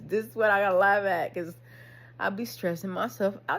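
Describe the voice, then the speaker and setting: A woman's voice: medium pitch, normal speed, vocal fry, husky, rough recording. A woman talking candidly to camera, slangy and swearing, laughing at herself as she reflects. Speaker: vlogger. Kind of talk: casual spiritual monologue.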